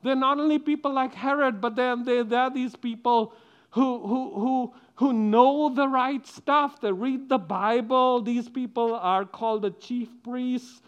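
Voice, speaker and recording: A man's voice: very high-pitched, unhurried, clean tone, dull audio. A middle-aged man giving a children's sermon, telling the story with animation and asking the children questions. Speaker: preacher.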